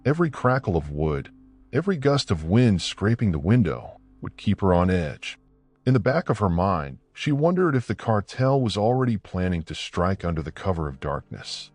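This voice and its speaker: Low-voiced man narrating a suspense story. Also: sing-song, moderate pace, a little mellow, no echo, soft background music. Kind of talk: scripted narration.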